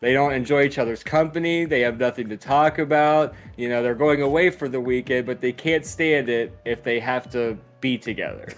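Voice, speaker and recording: Dude on a podcast being sarcastic and critical, normal pitch, faint music in back. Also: male voice, moderate pace, hardly any pauses. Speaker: podcast co-host. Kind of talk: casual chat.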